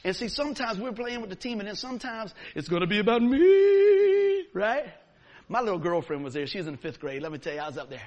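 Animated pastor telling stories. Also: male voice, high voice, fairly quick, highs cut off. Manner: animated storyteller, acts out scenes. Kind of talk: sermon with storytelling.

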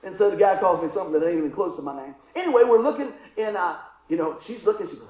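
A man's voice: high voice, expressive, rapid-fire, few pauses, a little mellow, roomy sound, poor audio. A middle-aged man preaching a sermon, telling a funny story and calling for responses from the congregation. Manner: folksy, call-and-response, acts out story voices. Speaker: pastor.

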